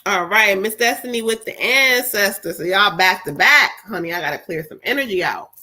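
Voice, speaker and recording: A woman's voice: medium pitch, expressive, normal speed, sharp tone. A woman doing live psychic readings on a stream. She talks in a casual, earthy way, swears freely, and passes on spirit messages in quotes.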